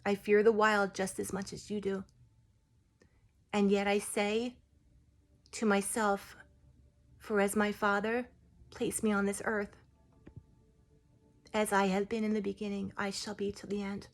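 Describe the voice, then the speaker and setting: A woman voicing a humble, gentle ancient tree spirit, speaking softly, solemnly and slowly. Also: mid-range voice, level tone, lightly acted. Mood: solemn, tender. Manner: soft, solemn, slow and hushed.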